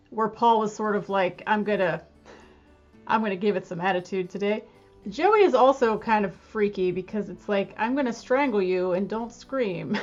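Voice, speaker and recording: A woman's voice: on the high side, lo-fi sound. A woman hosting a casual music reaction video, chatty and self-deprecating, laughing easily as she talks.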